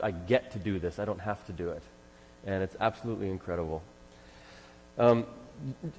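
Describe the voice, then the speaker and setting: A man's voice: fairly low pitch, darkish tone, slight background noise. A man leading a ministry, telling an enthusiastic testimony story at church with many fillers. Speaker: ministry leader speaking at church. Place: church sanctuary. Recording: long hall reverb.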